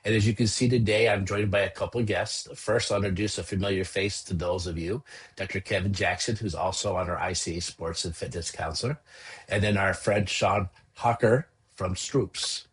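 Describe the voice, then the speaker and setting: A man from Illinois with a US Midwestern accent, hosting a podcast and introducing his guests in a friendly, measured way. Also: deep voice, steady tone, breathy edge. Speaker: podcast host.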